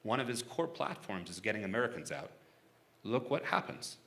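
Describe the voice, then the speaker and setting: A man's voice: on the low side, very animated, moderate pace, gravelly, a bit bright. A man being interviewed onstage about his work negotiating for hostages, talking casually and frankly, chuckling often and restarting his sentences.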